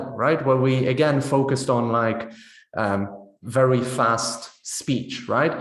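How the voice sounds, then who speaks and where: Man giving a chatty teaching webinar. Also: medium pitch. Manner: conversational, often checks in with "right?". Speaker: teacher trainer. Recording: roomy echo.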